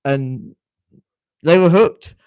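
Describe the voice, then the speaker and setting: With a fairly high pitch and drawn-out words, this British man in his fifties sounds a little mellow, clear and resonant, with no echo. He's a well-spoken livestream host from the United Kingdom, chatting casually and regularly stopping to repeat what he said.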